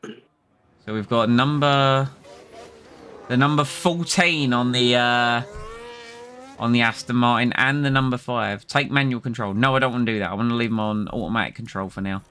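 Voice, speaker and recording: Bright-voiced male game streamer, chatty. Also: mid-range voice, normal speed, slight background noise. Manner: chatty, reacts aloud to the game and chat. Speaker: streamer playing a racing management game. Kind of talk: casual live-stream commentary.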